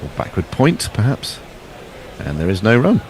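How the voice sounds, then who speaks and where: Casting: deep-voiced man, relaxed cricket commentator, faint hiss behind. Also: moderate pace. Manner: chatty, jokey, describes play. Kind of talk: ball-by-ball radio commentary.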